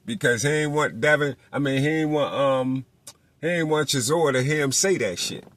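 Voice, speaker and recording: Profane animated man on a boxing rant. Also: medium pitch, normal speed. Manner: animated, profane, mocks people in put-on voices. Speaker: boxing commentator. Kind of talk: casual monologue.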